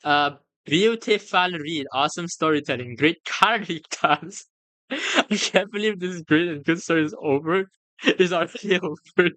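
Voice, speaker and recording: Excitable, laughing streamer who swears a lot. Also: mid-range voice, measured pace, no echo. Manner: stammers and restarts when flustered. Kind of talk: casual live-stream reaction.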